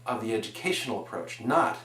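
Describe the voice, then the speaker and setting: A man in his forties giving an earnest, animated presentation on education, building his points with examples. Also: on the low side, brisk. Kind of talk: explanatory presentation. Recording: echoey room.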